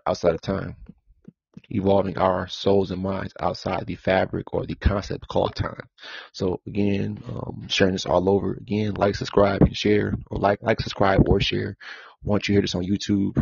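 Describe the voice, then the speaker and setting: Gravelly deep man, rambling podcast monologue. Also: a little mellow, no echo. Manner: repetitive, circling back with "again". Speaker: podcast host. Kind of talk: spiritual talk monologue. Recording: dull lo-fi sound.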